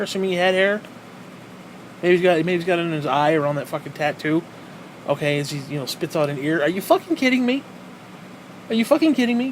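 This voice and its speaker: A man's voice: fairly high pitch, slight background noise. A man hosting a podcast alone, ranting with heavy profanity and mocking rhetorical questions, exasperated and sarcastic. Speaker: podcast host. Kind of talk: solo ranting podcast monologue.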